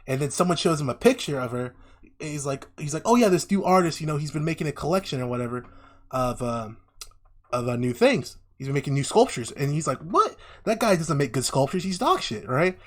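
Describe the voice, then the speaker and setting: A man in the middle of a loose podcast chat, spinning a story and jumping into the voices of each person in it. His voice sits at an ordinary middle pitch, and he swears freely as he goes. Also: fairly quick. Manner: animated storyteller acting out characters' lines, heavy swearing. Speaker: podcast co-host. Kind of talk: casual chat, retelling a story.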